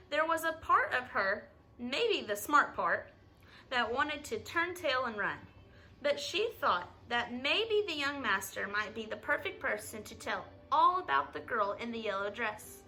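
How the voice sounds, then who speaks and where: Bright, expressive woman reading aloud. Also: fairly high pitch, poor audio. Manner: expressive, some stumbles. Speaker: reader.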